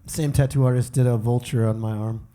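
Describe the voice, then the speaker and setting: A man's voice: medium pitch, fairly even intonation, a little fast, dark tone. A man chatting as a guest on a live podcast stage. He talks in a laid-back way and laughs easily. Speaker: guest musician.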